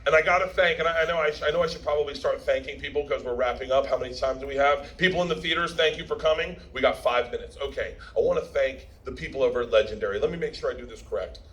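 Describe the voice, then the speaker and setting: Brash laughing comedian telling a story. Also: male voice, medium pitch, fast talker, hardly any pauses, fairly bright tone, slight background noise, poor audio. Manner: brash, profane, laughing storyteller who acts out quotes. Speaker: comedian giving a premiere speech. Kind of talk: stand-up style storytelling speech.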